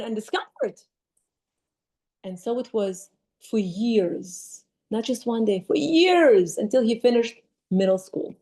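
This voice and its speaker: A woman's voice: fairly high pitch, a little mellow. A woman telling an inspirational story emphatically, often restarting and repeating words. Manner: emphatic, with frequent restarts and repetitions.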